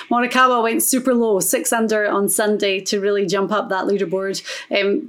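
A woman co-hosting a podcast, chatting casually and asking long, rambling questions. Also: mid-range voice. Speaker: podcast co-host.

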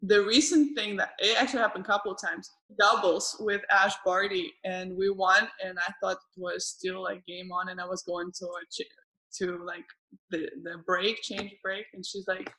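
A woman hosting an interview in casual conversation, speaking haltingly with many restarts and laughing readily as she tells stories. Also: medium pitch, little pitch movement, pushed and bright, low-quality recording. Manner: halting, with frequent restarts and self-corrections. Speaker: podcast host.

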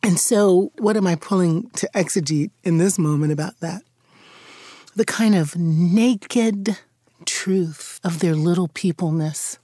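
An older woman pastor talks in a warm, reflective conversation. Her voice sits a little low, and the sound is dry and close. She tells stories with animation, acts out voices and sometimes sinks to a whisper. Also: unhurried, no echo.

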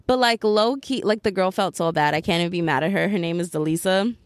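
A woman hosting a podcast in casual chat, telling a story in an animated, chatty way with lots of fillers. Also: fairly low pitch, quick pace, no room sound, clean studio sound. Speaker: podcast host.

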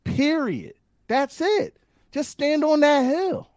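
Animated podcast host man, lively pitch. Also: slow pace, no room sound, studio quality. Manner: animated, joking, emphatic. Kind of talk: casual podcast chat.

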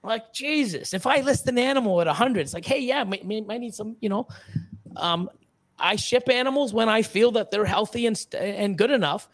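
On a laid-back podcast, a middle-aged man who breeds reptiles goes on a heated, foul-mouthed rant full of restarts and repeated words. He speaks at a moderate pace in a voice that sits high.

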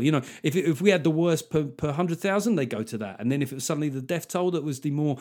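A man hosting a solo podcast, ranting in an animated, sarcastic way and swearing freely. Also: fairly high pitch, a little fast, few pauses. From Manchester, England. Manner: animated ranting, swears freely, mocking put-on voices of critics. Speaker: podcast host and comedian.

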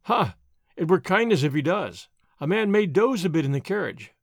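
A man's voice: sits high, lively intonation, normal speed, no room sound. A man reading aloud as a languid, mocking young Spanish nobleman, in an old adventure storybook, with a drawling, idle delivery.

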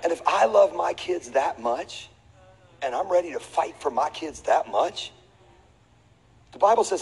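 A middle-aged man pastor telling a comic story in a lively sermon, acting out voices, laughing and sometimes shouting. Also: a little high, measured pace, vocal fry, long pauses. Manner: animated, acts out voices, laughs, shifts to shouting. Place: large church auditorium. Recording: reverberant hall with faint ambience.

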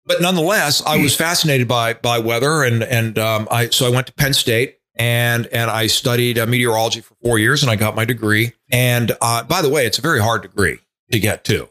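A man's voice: medium pitch, fairly quick, few pauses, pushed and bright. A man in his sixties, a retired TV weatherman, telling a casual, rambling story full of restarts and asides. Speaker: retired TV meteorologist, guest.

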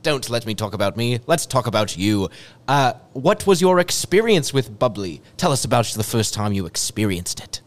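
A man's voice: mid-range voice, very animated, normal speed, pitched below the performer's own voice, lightly acted. A man voicing a fussy British TV commercial presenter with a put-on British accent, in a theatrical improvised mock commercial. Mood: pompous.

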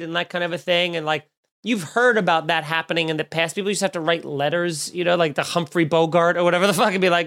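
A man's voice: high voice, fairly quick, a bit bright. A man hosting a comedy podcast, ranting in a sarcastic, crude, mock-outraged way. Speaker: podcast host.

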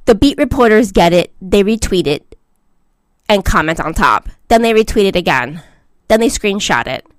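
A woman's voice: mid-range voice, lively intonation, normal speed, no room sound. A woman giving a blunt, emphatic vlog monologue as a social media commentator, lecturing her listeners.

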